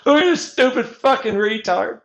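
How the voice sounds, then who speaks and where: A man ranting with profanity over gameplay, swinging between shouted mockery and low mutters. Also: measured pace.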